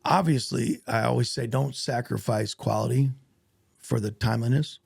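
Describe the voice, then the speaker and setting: A man with a Southern American accent, an actor guest talking earnestly in a casual interview, with a gravelly, husky voice. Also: medium pitch, normal speed, no echo, studio quality. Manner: earnest, animated storytelling with self-corrections.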